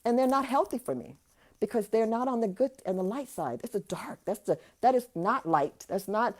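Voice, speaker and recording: A woman's voice: a little high, animated, normal speed, a little mellow. A woman spiritual and life coach giving an earnest motivational talk, often restarting and repeating phrases for emphasis.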